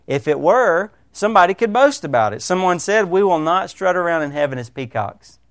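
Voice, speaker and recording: Emphatic male pastor, smooth voice. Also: high-pitched, expressive, fairly quick, fairly bright tone, no echo, clean studio sound. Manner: emphatic, asks rhetorical questions of listeners. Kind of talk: sermon.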